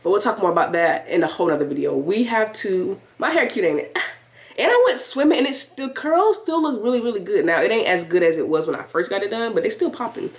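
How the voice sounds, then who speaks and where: A woman's voice: medium pitch, lively intonation, quick pace. Stuffy-voiced chatty woman vlogger. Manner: chatty, upbeat, talks straight to viewers. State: stuffy-nosed from a cold. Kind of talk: casual vlog chat to camera. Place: indoors in a room at home. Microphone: compact camera mic.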